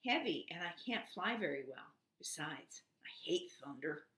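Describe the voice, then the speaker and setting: A woman voicing a tired, gentle young male dragon who pants and pleads as he talks. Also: deep voice, very animated, measured pace, reverberant, exaggerated voice. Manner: breathless, pleading.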